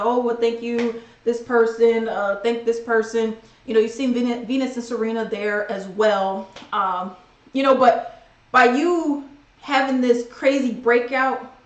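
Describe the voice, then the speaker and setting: Woman, casual opinion vlog, animated and slangy, fairly high voice, roomy echo. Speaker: vlogger giving opinion. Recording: echoey room.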